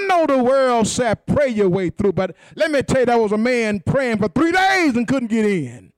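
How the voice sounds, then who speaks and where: A male preacher, delivering a sermon in a whooping, sing-song cadence, often shouting and asking the congregation for response. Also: very high voice, sing-song, moderate pace, no room sound, clean studio sound.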